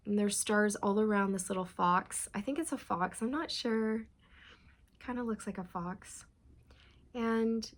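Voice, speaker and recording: A woman reads tarot cards and passes on channeled messages to her viewers. Her voice is mid-pitched with a gravelly fry. She talks in a loose, meandering way and keeps reassuring her listeners. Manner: meandering, reassuring, addresses viewers as you guys. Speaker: tarot reader.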